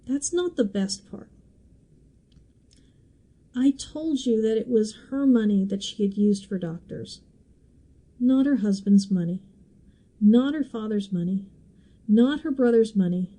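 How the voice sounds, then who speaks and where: A woman teaching scripture on a podcast, in a very bright, sharp voice pitched a little high. She talks in an easy, chatty way, with asides and small laughs as she walks through the passage. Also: rough recording. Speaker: bible teacher and podcast host.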